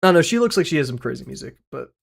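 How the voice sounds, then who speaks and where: A streamer chatting casually and excitedly with viewers, laughing often and swearing freely while reacting to chat. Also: medium pitch, very fast, gravelly, slightly rough.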